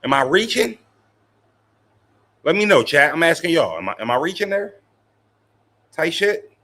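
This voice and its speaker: Slangy, bright-voiced male streamer. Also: a little high, very animated, moderate pace. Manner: slangy, profane, laughs often, talks to chat. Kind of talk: casual live-stream commentary.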